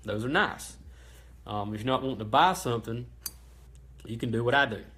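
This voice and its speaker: A man's voice: medium pitch, a little fast, slightly rough. Chatty man hosting a parts livestream. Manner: relaxed and chatty, with many ums and restarts. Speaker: host of a racing parts livestream. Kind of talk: casual how-to livestream.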